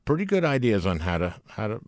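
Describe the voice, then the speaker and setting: A man hosting a casual interview, joking and cutting in with quick remarks. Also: on the low side, sing-song, a little mellow, no room sound, clean studio sound. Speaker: interview host.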